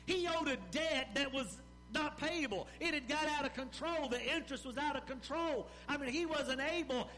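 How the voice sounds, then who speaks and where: A man preaching a sermon in an animated style, with rising emphasis and pauses. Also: very high voice, slight background noise. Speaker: pastor.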